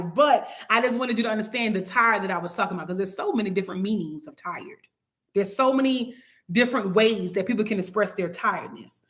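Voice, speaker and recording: A woman's voice: mid-range voice, a bit bright. Woman teaching a casual Bible study. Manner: conversational, preachy, acts out little quoted scenes.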